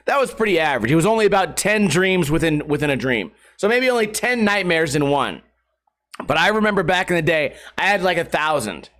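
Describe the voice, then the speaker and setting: High-voiced man, rambling and profane. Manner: rambling, profane, animated storytelling. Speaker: podcast host. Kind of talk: casual solo podcast monologue.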